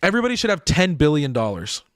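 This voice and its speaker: A man's voice: fairly high pitch, very animated, fast, dry recording, clean studio sound. A man streaming a game live, rambling and laughing as he talks to his chat.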